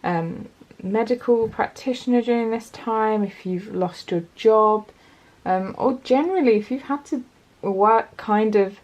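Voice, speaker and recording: A woman's voice: on the high side, measured pace, darkish tone. A woman giving a casual pick-a-card tarot reading, chatty and encouraging as she talks straight to her viewers. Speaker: tarot reader.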